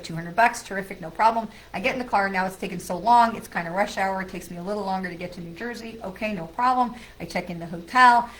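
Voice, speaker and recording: A middle-aged woman, a psychic medium, casually telling a personal story to her viewers in a chatty, animated way. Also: medium pitch, low-quality recording.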